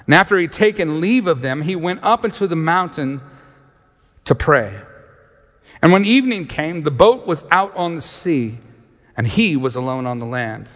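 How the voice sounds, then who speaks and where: Preaching man in a reverberant hall. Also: on the high side. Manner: lively storytelling, acting out voices with laughs. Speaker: pastor. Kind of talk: sermon.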